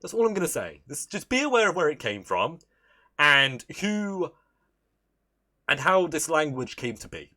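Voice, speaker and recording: A man's voice: a little high, sing-song, normal speed, sharp tone. A young British man hosting a livestream, ranting casually with lots of profanity and sarcasm. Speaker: livestream host.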